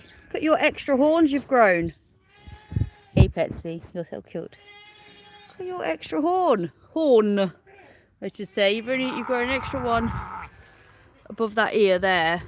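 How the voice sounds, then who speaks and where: Woman, casual live-stream chat, outdoors with lambs and goats, faint background noise, muffled audio. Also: medium pitch. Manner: chatty, rambling, coos at animals. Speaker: smallholder vlogger. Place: outdoors on a farm among sheep and goats.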